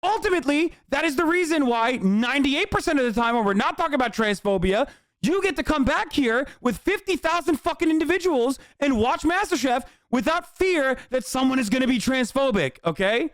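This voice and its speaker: A man's voice: extremely high pitch, expressive, fairly quick, fairly bright tone, no echo, studio quality. A male livestreamer ranting heatedly and profanely at his chat.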